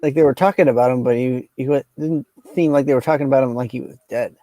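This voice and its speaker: A man on a podcast, chiming in with quick remarks in casual chat. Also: mid-range voice, mellow. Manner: quick interjections. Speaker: podcast co-host.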